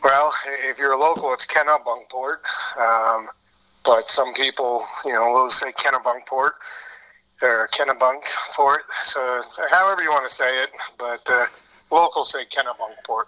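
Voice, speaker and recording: Bright-voiced middle-aged man, unhurried. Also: mid-range voice, low-quality recording. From Connecticut, USA. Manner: unhurried, many filler pauses. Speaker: interview guest. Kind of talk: casual conversational interview.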